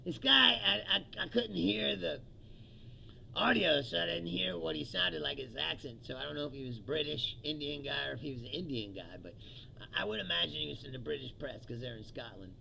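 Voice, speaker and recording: A man's voice: on the high side, brisk, vocal fry, bright, forceful tone, a little hiss or hum, rough recording. A male comedian ranting about politics, profane and mocking, laughing often and acting out what others said. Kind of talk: stand-up style political rant.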